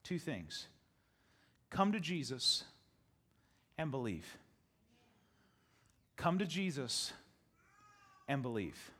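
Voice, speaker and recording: A male pastor preaching a sermon to his congregation, animated, repeating phrases for emphasis and laughing often. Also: medium pitch, extremely slow, pauses often, breathy edge. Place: church sanctuary with congregation.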